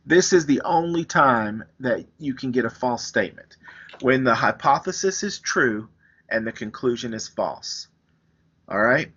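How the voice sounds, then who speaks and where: A man's voice: mid-range voice, expressive, unhurried, a bit bright, breathy edge. Guy teaching truth tables step by step, kinda dull lo-fi sound, clicks in back. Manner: plain, explains step by step with examples. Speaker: math teacher. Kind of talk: recorded lecture, writing on screen.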